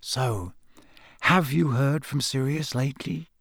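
A man's voice: on the high side, moderate pace, dry recording, studio quality, natural voice. A man voicing a wry, muttering teenage boy in an audiobook reading. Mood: hushed. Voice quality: muttering, sardonic.

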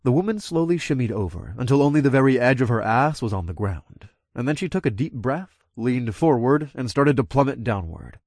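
A man's voice: medium pitch, animated, brisk, few pauses, darkish tone, dry recording. A man narrating a first-person audiobook in a casual, wry way, recorded close and dry.

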